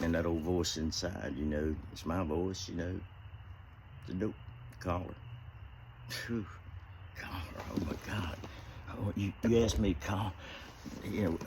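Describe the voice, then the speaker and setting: A man with an extremely deep voice talks in a loose, rambling way, full of fillers. He is recorded outdoors, with a faint hiss of ambience behind him. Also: creaky. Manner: rambling, heartfelt, many "you know" fillers. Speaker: vlogger. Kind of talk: casual outdoor vlog talk.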